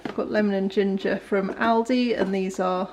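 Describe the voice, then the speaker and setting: A young woman talks her way through a relaxed home vlog in her kitchen. Her voice sits at an ordinary middle pitch, and she rambles along with frequent ums and small laughs. A faint hiss sits under the recording. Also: normal speed. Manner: chatty, rambling, laughs often, many ums. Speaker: vlogger. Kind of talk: casual day-in-the-life vlog.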